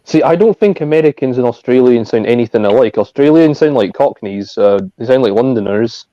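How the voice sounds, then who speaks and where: A British man gives wry, firm opinions in a relaxed chat. His voice is mellow and dark. It comes through a muffled, lo-fi mic with no room sound. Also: medium pitch, a little fast, no room sound. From Britain. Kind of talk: casual chat on a voice call.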